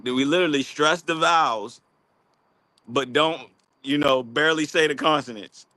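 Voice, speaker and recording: A man's voice: on the high side, moderate pace, pushed and bright. A man from Baltimore with a Baltimore accent, chatting loosely and slangily on a livestream while out walking. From Baltimore, USA. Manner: loose, rambling, slangy, with many fillers. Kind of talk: casual livestream chat. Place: outdoors, walking.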